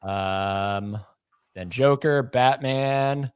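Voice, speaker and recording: A man's voice: medium pitch, drawn-out words, clear, resonant tone, no echo. Joking livestream co-host man, dry mic. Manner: joking, rambling, teasing. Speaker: podcast co-host. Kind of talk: casual livestream chat reading comments.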